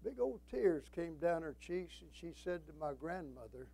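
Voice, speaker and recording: A man's voice: on the high side, very animated, moderate pace, vocal fry, hardly any pauses, warm tone, a little hiss or hum, rough recording. An older man preaching a sermon as a pastor, folksy and emphatic, quoting scripture and telling stories.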